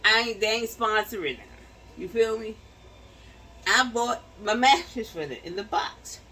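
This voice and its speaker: A woman's voice: a little high, lively intonation, a little slow, pushed and bright, slightly rough, distant mic, poor audio. Chatty slangy woman vlogging from home. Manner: chatty, slangy, laughs often. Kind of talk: casual chat to the camera. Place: home bedroom.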